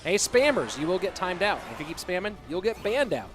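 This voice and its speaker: A man casting a live esports match on his own, answering chat between excited play calls. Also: high-pitched, fairly quick. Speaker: esports caster. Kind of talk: solo live esports commentary with chat reading. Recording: loud music behind voice.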